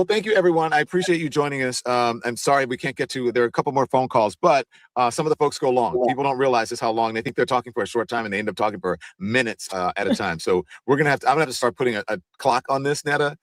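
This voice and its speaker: A man's voice: mid-range voice, no echo. A man hosting a livestream talk show, speaking casually and loosely, often stopping and restarting his sentences. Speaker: show host.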